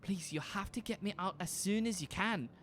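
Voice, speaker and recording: A woman's voice: medium pitch, a little fast, pitched above the performer's own voice, lightly acted. A man voicing a frightened young woman who pleads to be rescued, in a tabletop game. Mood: pleading. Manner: anxious, pleading.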